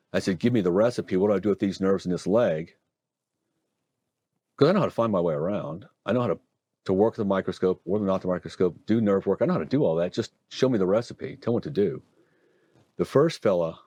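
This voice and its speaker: Man, middle-aged, very deep voice, from Oregon, interview guest, folksy storyteller. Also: no echo. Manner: folksy, animated explainer with asides. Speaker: hand surgeon guest.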